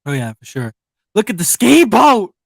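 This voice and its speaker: Enthusiastic male co-host, wildly varied pitch, dry close sound. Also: wildly swooping pitch, normal speed, creaky, no room sound. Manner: enthusiastic, exclaiming. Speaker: livestream co-host. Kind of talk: casual reaction chat.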